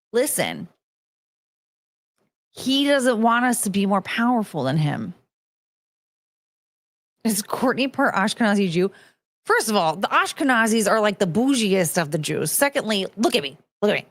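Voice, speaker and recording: A woman's voice: mid-range voice, lively intonation, measured pace, long pauses, no room sound. A young woman hosting a casual commentary stream, rambling and swearing, slipping into mocking voices when she quotes people. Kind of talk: casual rambling livestream chat.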